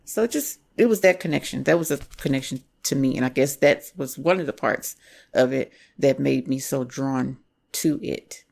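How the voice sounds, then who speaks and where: A man with a gravelly, creaky voice co-hosts a film review podcast. He talks in a measured, reflective way. His tone stays casual and conversational. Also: medium pitch, darkish tone. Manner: reflective, measured, faith-minded. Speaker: podcast co-host. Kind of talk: casual movie review chat.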